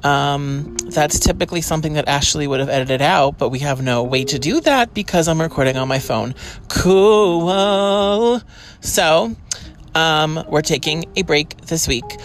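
A woman's voice: low-pitched, a little slow, faint music behind. Rambling woman podcast host in her car. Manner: rambling, chatty, filler-heavy. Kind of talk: casual solo update. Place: parked car. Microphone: phone.

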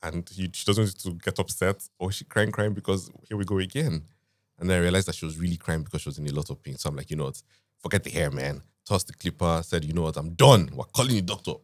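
Man, 30s, podcast co-host, lively low voice, dry recording. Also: fast, dry recording. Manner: animated, laughing, acts out quotes. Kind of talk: casual storytelling chat.

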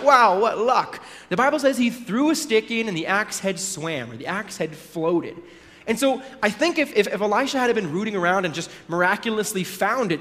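A man's voice: high-pitched, a bit bright. A male pastor giving a conversational sermon, telling a story with casual asides and little acted voices. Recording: long hall reverb.

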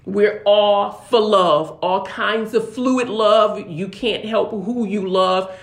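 Woman, co-host, careful measured explaining, mid pitch, roomy echo. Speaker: podcast co-host. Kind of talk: casual chat.

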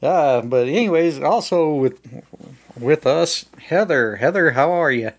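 A man's voice: fairly high pitch, lively intonation, unhurried. Joking man hosting a podcast. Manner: joking, rambling, laughs often. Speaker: podcast host. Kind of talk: casual chat.

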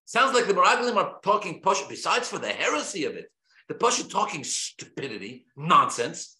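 A man, a rabbi teaching a Torah class, speaking in an animated, emphatic way with rhetorical questions and frequent restarts. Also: high voice, normal speed. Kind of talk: lecture-style Torah class. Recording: roomy echo.

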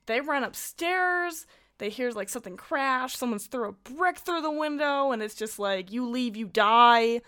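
A young woman co-hosting a podcast recaps a movie plot in a chatty way, saying "like" constantly and laughing as she talks. Her voice sits high and sounds expressive, pushed, and bright, at a normal speed.

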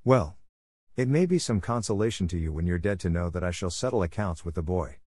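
A cold, vengeful cobra queen hisses her threats slowly and with taunting menace, as a man puts her on. The voice sits somewhat higher than the reader's own low tone. It is a storybook reading with a dry, close sound. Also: expressive, a little mellow, slightly rough, dry recording. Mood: menacing. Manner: hissing threats, slow and taunting.

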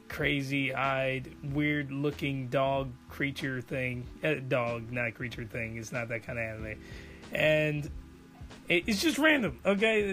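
A man's voice: medium pitch, fairly bright tone. A man giving a casual spoken review of an anime in a rambling, enthusiastic way.

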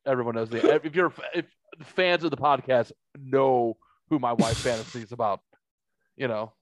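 A man hosting a casual podcast, an animated storyteller who laughs often and swears freely. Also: mid-range voice, normal speed, no echo. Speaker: podcast host.

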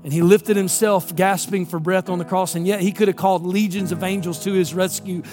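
A man's voice: high-pitched, steady tone, fairly quick, a little mellow, faint music behind. A male pastor preaching an impassioned sermon, full of emphatic rhetorical questions.

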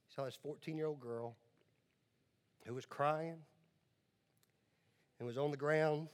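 A man in his forties, a pastor telling a story in a sermon, moving from quiet narration to loud, fervent urging. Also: mid-range voice, big-room sound. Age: 40s. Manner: builds from quiet storytelling to loud, impassioned exhortation.

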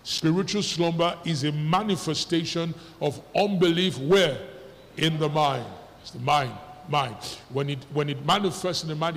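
A man preaching a sermon to his congregation as pastor, pressing them with repeated questions and firm commands. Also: a little high. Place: church hall. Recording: reverberant church hall with faint noise.

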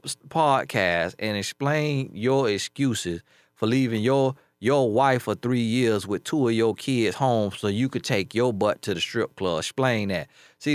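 A man's voice: on the low side, dry recording, studio quality. Blunt, emphatic man giving advice. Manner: emphatic, repeats key phrases, blunt street-talk advice. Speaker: life coach. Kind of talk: casual advice commentary.

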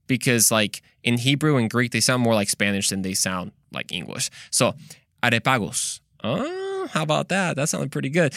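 A man's voice: medium pitch, a bit bright, dry recording, studio quality. A man hosting a faith podcast, talking to listeners in an earnest, conversational way that turns preachy, with playful asides. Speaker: podcast host.

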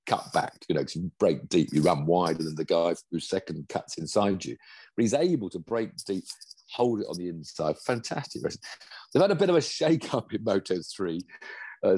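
A man's voice: low-pitched, darkish tone, dry recording. A man from England chatting enthusiastically about motorsport as a pundit. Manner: enthusiastic, rambling. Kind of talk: casual motorsport chat.

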